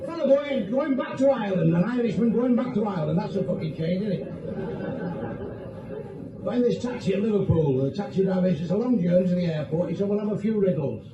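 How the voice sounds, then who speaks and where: A man's voice: high voice, fast talker, lo-fi sound, background noise. A man telling bawdy jokes, swearing freely and switching voices for the characters, recorded on a phone from a distance. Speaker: joke teller. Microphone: phone video. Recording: echoey room, phone from a distance.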